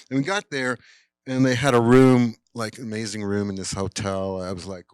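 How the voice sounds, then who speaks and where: A man telling a rambling, animated anecdote at a cinema Q&A, full of fillers and acted-out quotes. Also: fairly low pitch, normal speed, clear, resonant tone, no echo. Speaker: guest filmmaker at a Q&A.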